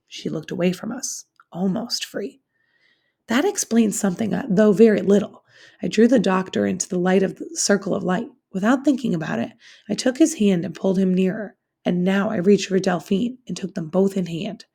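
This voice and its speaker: A woman teacher reading a novel aloud in a steady, expressive storytelling manner. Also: medium pitch, moderate pace, vocal fry, husky.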